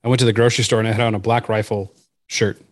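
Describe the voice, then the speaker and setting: A man in casual podcast chat, telling an animated anecdote and acting out the people in it. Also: fairly low pitch, rapid-fire, dry recording. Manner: animated anecdote-telling, acts out quoted voices.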